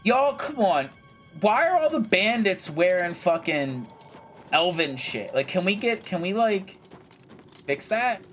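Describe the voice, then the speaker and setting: A man's voice: high voice, sing-song, unhurried, fairly bright tone, soft background music. A young man casually commentating his gameplay, chatty and jokey, swearing freely and talking to himself and the game characters. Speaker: gaming video creator.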